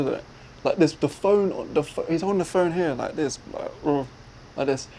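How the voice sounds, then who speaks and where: Animated man telling a story. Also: fairly high pitch, moderate pace, gravelly, a little hiss or hum, poor audio. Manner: animated, acts out other people's lines. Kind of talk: casual retelling.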